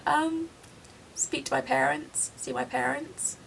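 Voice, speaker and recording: A woman's voice: high voice, steady tone, takes it slowly, creaky, a bit bright, slight background noise. A woman in her late thirties, crying as she confides in a personal video diary, self-deprecating and frank. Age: 30s. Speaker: vlogger.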